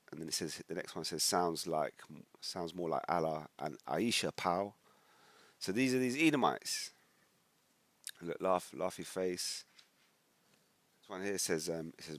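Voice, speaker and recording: A British man from the United Kingdom, a religious commentator, reads social media comments aloud in a deep, low, slightly bright voice at a measured pace. He rambles conversationally, breaks into emphatic bursts, and shifts from casual commentary into scripture teaching. The recording is dry and close, without room echo.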